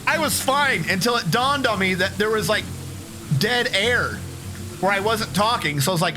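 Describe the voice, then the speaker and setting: High-voiced, profane, rambling male streamer. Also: lively intonation, moderate pace, over music. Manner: rambling, profane, self-mocking. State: slightly hoarse after choking. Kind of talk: casual let's-play chat.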